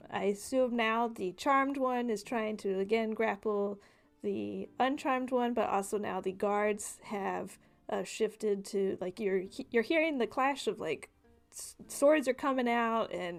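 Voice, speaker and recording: A woman's voice: medium pitch, unhurried, creaky, soft background music. A woman running a tabletop game as game master, narrating casually with many fillers.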